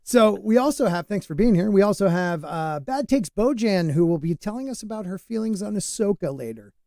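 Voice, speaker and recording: A man's voice: high voice, animated, brisk, dark tone, dry recording, studio quality. A man hosting a casual podcast panel on a video call, chatty and self-deprecating, often talking over his guests. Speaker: podcast host.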